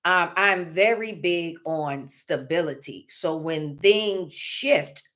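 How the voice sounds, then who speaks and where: A woman's voice: on the low side, slow pace, fairly bright tone. A woman vlogger talking openly and casually, rambling with many fillers and laughing now and then. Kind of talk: casual heartfelt vlog talk.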